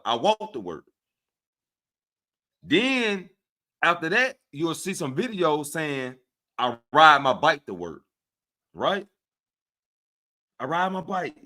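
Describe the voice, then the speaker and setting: A man with a Southern US accent hosting a casual livestream, speaking to his viewers in an animated, preachy way and often checking in with them. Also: on the high side. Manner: animated and preachy, often asks "right?" of listeners. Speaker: livestream host. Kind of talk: casual livestream talk to chat.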